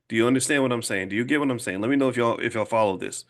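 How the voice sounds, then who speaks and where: A man in his fifties speaking to a live audience as a finance educator, emphatic and casual, repeating points slowly to drive them home. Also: medium pitch. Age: 50s. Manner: emphatic, slow and repetitive for emphasis; casual, conversational, direct address. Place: room with an audience.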